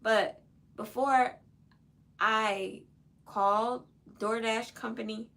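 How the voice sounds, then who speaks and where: High, bright, gravelly-voiced woman. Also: measured pace. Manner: animated, acts out both sides of phone calls. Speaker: podcast host. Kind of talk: casual storytelling to listeners. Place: her own room, seated in a chair.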